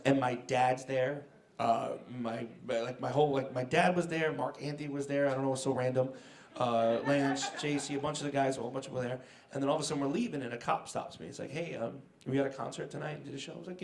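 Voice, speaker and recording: A man's voice: mid-range voice, fast talker. A man in his forties, a celebrity guest on a convention panel, telling stories with laughs and acted-out quotes. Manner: animated, laughing storyteller who acts out quotes. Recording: echoey convention hall.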